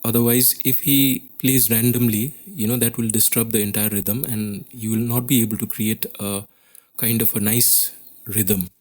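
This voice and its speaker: A man's voice: fairly low pitch, fairly even intonation, normal speed, a little mellow. A man with an Indian English accent teaching a class lesson on poetry, explaining step by step and often checking in with "okay?".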